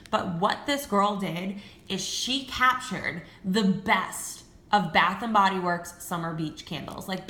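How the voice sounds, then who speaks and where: A bright, sharp-toned young woman in her twenties gushes through a casual haul video, excitable and full of "like". Her voice rings in an echoey room. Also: mid-range voice, slight background noise. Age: 20s. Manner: gushing, excitable, peppered with "like" and swearing. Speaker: vlogger.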